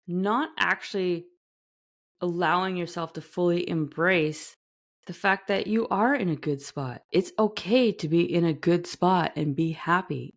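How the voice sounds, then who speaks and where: A woman's voice: low-pitched, vocal fry. A woman hosting a self-help podcast, talking earnestly in a casual monologue and acting out little quoted voices. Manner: earnest, talks animatedly, acts out quoted voices. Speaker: podcast host.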